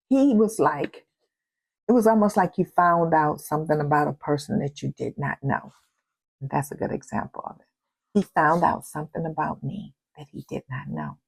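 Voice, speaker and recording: Husky older woman telling a personal story. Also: low voice, a little mellow, dry recording, poor audio. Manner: emphatic, repetitive, heartfelt. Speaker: vlog host.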